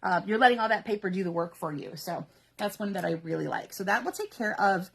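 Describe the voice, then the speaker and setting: A woman hosts a live card-making demonstration at her craft table, talking viewers through each step in a chatty way and laughing often. Her voice has a gravelly, slightly husky edge at a middle pitch. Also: fast talker. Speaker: papercraft host.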